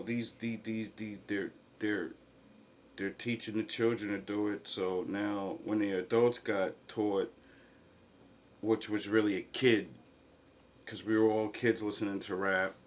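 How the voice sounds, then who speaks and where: A man in a rambling, impassioned vlog monologue, swinging from quiet mutters to loud outbursts. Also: fairly low pitch, slight background noise. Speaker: vlogger.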